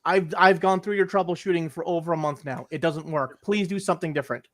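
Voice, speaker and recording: A man's voice: a little high, fast, a bit bright. A young man co-hosting a podcast, ranting with exasperation and swearing, acting out his calls to tech support. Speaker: podcast co-host. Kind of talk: casual chat.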